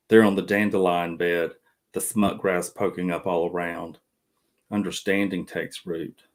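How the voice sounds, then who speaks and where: A middle-aged male author reading a passage from his novel slowly and lyrically. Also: sits low.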